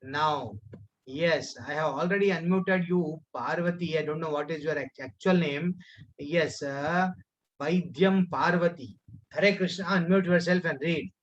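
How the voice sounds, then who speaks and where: A man's voice: on the high side, measured pace. A man with an Indian English accent teaching a children's scripture class online, telling a story with many fillers and restarts and calling on pupils by name. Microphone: video call. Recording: muffled online call audio.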